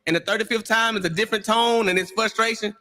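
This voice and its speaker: A man on a discussion panel, talking in an animated way and acting out voices in his stories. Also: high-pitched, fast, long reverb tail. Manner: animated storyteller, acts out quotes.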